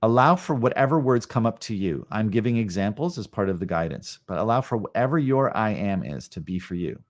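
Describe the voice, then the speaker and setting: A man, an educator, guiding a live meditation lesson in a calm, unhurried way, with long pauses and slowly repeated short phrases. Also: on the low side. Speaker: educator leading a live session. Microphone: live stream setup.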